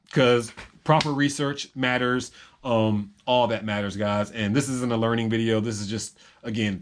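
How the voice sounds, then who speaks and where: A man talking to camera in a rambling personal vlog, reflective and halting, with many pauses and restarts. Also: mid-range voice, a little hiss or hum. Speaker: vlogger and reseller.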